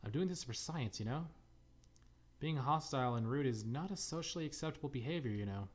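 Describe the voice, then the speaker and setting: A man's voice: mid-range voice, expressive, brisk, lightly acted. A man reading a smug, condescending male scientist who analyzes someone like a test subject.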